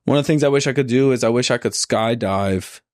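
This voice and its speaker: A man's voice: mid-range voice, a little fast, darkish tone, no room sound, clean studio sound. A young man co-hosting a podcast in casual chat, laid-back and agreeable with a teasing edge. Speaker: podcast co-host.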